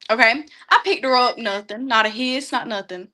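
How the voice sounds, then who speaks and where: A young woman guest in a studio, telling funny stories in a lively, laughing way. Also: fairly high pitch, a little fast. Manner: laughing, animated storyteller. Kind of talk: casual storytelling.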